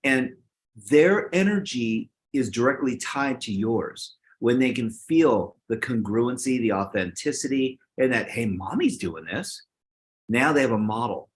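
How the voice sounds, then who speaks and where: A man's voice: medium pitch, animated, slight background noise. A man co-hosting a casual talk show, speaking in an emphatic, motivational way. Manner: emphatic, motivational, quick bursts. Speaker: co-host. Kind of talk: casual chat.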